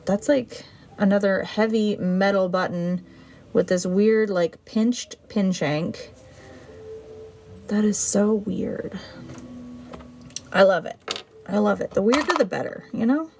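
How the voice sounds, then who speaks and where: A woman chatting casually on a livestream as she sorts her buttons, excitable and talking to them as she goes. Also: medium pitch, slow, pauses often, a little hiss or hum. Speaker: button seller sorting her finds on a livestream. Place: indoor room.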